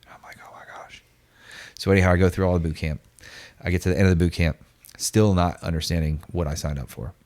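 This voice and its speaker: A man in his forties telling a story casually on a podcast, slangy and animated, acting out the voices of the people in it. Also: sits low, quick pace. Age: 40s. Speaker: podcast guest.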